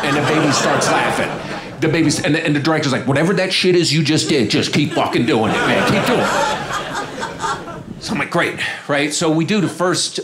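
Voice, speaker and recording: A man doing stand-up comedy on a club stage, telling a story and acting out the other people's lines in a lower voice. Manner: conversational, acts out other people's lines in a low voice.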